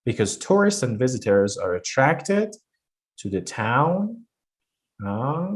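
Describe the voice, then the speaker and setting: A man's voice: medium pitch, sing-song, slow pace. A man teaching a pronunciation lesson, explaining step by step with frequent hesitations. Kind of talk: online lesson.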